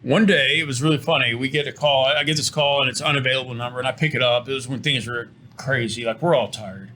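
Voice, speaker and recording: A middle-aged man, a company owner, giving an earnest interview pitch for his business and often repeating words as he restarts. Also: steady tone, fast talker, pushed and bright, slight background noise. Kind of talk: promotional interview talk.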